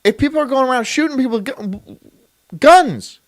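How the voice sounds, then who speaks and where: A man's voice: very high-pitched, lively intonation, normal speed. A man streaming, chatting casually in a crude, rambling way and laughing often.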